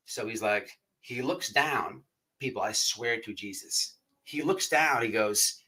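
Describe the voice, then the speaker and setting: A man's voice: medium pitch, a little slow, pushed and bright, slightly rough, rough recording. A man telling a rambling, profanity-laced story to his livestream audience as the show's host. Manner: rambling, repeats himself, swears often. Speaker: podcast host.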